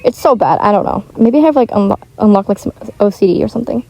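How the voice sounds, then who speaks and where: A woman's voice: mid-range voice, expressive, quick pace, vocal fry, dark tone, poor audio. A teenage girl chatting casually and rambling as a vlogger, with many "like" fillers and restarts. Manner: chatty, rambling, heavy use of "like". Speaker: gaming vlogger. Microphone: home microphone, not high-end.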